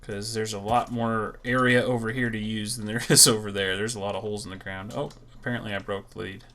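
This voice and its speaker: A man hosting a gaming channel, talking through gameplay in a relaxed, rambling way, with a low morning voice. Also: brisk. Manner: relaxed, rambling, thinks aloud. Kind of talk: casual gameplay commentary.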